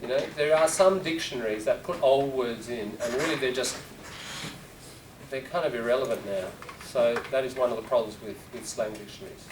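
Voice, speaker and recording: A man's voice: medium pitch, brisk, noisy background. Man, teacher, casual rambling lecture, echoey room, a bit away from the mic. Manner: casual, rambling, with asides to students. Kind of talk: classroom lecture. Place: classroom. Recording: roomy classroom, voice from a distance.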